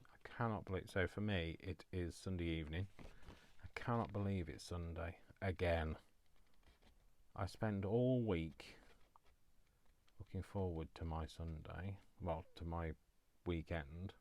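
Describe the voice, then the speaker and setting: A man's voice: low-pitched, measured pace, pauses often, darkish tone, a little hiss or hum. A man chatting casually to viewers while crafting, self-deprecating and talking to himself as he works. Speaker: crafting vlogger.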